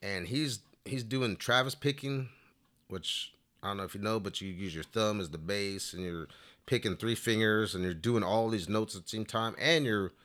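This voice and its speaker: A man's voice: on the low side, normal speed, a bit bright. A man telling a long story in casual interview talk, rambling along with plenty of "you know" fillers. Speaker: flute player telling a story.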